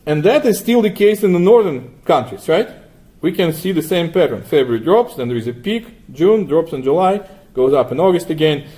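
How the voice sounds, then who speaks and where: A man teaching a class, walking through software steps and asking students questions, often adding 'right?'. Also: on the high side, expressive, normal speed. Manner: asks the class frequent questions, tags 'right?'. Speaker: lecturer. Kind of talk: classroom lecture with software demo.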